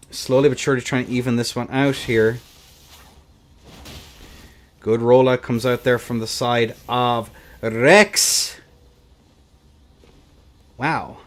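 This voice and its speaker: A young man calls a video game tournament with lively play-by-play, swinging from hushed murmurs to hyped shouts. His voice sits at an ordinary middle pitch, and he tosses in playful, joking asides between the action. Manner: playful, slips into a joking Scottish accent. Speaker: tournament commentator. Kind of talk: play-by-play esports commentary.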